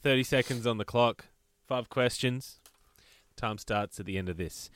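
A man co-hosting a podcast in casual chat, teasing the others and running a quick quiz. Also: mid-range voice, a bit bright, no room sound. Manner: teasing and goading. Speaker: podcast co-host and quizmaster.

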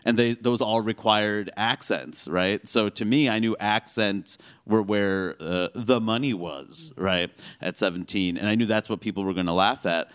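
A man in his thirties from the United States, a comedian talking fast and loosely in an interview, full of "like" and "you know". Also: lowish voice, smooth. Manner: quick, animated, self-mocking, lots of "like" and "you know". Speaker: stand-up comedian, guest. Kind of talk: casual interview talk.

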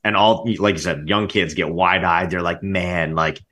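A man's voice: low-pitched, moderate pace. A man who coaches football, chatting casually and easily on a podcast, with "like" all through his speech. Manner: relaxed, heavy use of "like".

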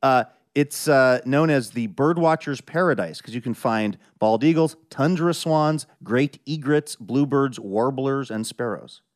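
A man's voice: medium pitch, unhurried, hardly any pauses. Upbeat man hosting a radio show. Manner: upbeat, bantering. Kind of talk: public radio hosting and ad reads.

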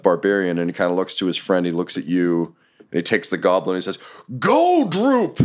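A man's voice: low voice, flat delivery, fast talker, clean tone. A man running a tabletop game as game master, narrating in a laid-back way.

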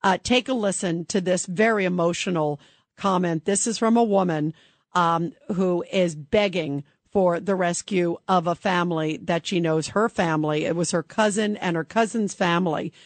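A woman's voice: fairly low pitch, normal speed, no room sound. A woman hosting a call-in talk radio show, speaking in an emphatic, indignant, conversational way.

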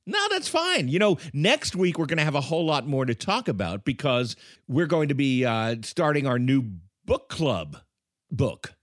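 A man's voice: on the high side, very animated, moderate pace, fairly bright tone, no room sound, studio quality. A man co-hosting a comedy podcast from home, with playful, theatrical banter. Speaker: podcast co-host.

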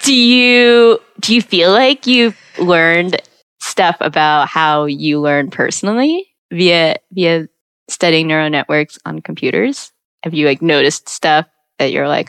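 A woman's voice: deep voice, measured pace, a bit bright, smooth, dry recording. Woman host joking around, laughs a lot, easygoing chat. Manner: laughs often, teasing. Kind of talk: casual chat.

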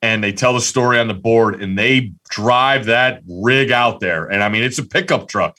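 A man co-hosting a casual sports podcast, telling a story excitedly with lots of restarts. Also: mid-range voice, moderate pace. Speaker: podcast co-host.

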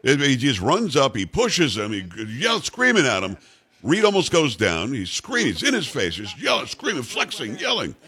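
A middle-aged male talk host with a lively, swinging delivery. He is blunt and emphatic and circles back to repeat his points. His style is that of an opinionated monologue. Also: medium pitch, moderate pace, breathy edge. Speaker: radio talk show host. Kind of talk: opinionated monologue on sports news.

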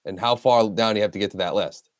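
A man's voice: lowish voice, fast, no room sound, studio quality. A man co-hosting a sports betting podcast, explaining the odds in a laid-back, plain way. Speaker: podcast co-host. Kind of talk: casual sports betting chat.

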